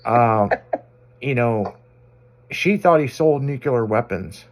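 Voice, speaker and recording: A man's voice: mid-range voice, expressive, slow. A man hosting a radio show, telling stories in casual banter with crude language and frequent laughter.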